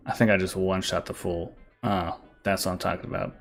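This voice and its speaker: A man's voice: low voice, little pitch movement, brisk, creaky, hardly any pauses, soft background music. A young man streaming a card game, thinking aloud and reading card text with many fillers. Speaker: gaming streamer. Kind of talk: casual gameplay commentary.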